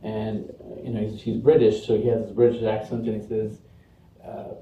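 A man's voice: on the low side, level tone, normal speed, slight background noise. A man delivering a Friday sermon in a mosque, speaking earnestly in rhythmic, building lists. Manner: earnest, rhythmic listing with rising emphasis. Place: mosque prayer hall. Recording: echoey hall, distant muffled mic.

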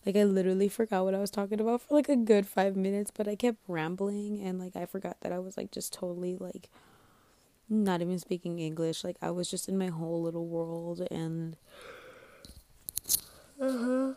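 A woman's voice: mid-range voice, steady tone, moderate pace, warm tone, no room sound. A young woman hosting her own podcast alone, rambling in a scatterbrained, self-mocking way, sleepy and swearing casually. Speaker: podcast host. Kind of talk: rambling solo podcast chat.

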